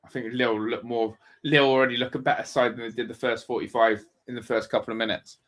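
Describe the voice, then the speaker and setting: A man's voice: mid-range voice, flat delivery, quick pace, fairly bright tone. A man hosting a live football watch-along, ranting and swearing in exasperation at his team. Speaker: fan channel host.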